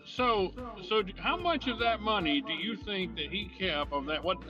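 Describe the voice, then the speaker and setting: A man with a high voice hosts a laid-back podcast and tells stories in a loose, profane, stop-and-start way. Music plays clearly behind him. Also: expressive, normal speed, muffled recording. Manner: rambling, profane storytelling with restarts. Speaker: podcast host. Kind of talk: casual podcast chat.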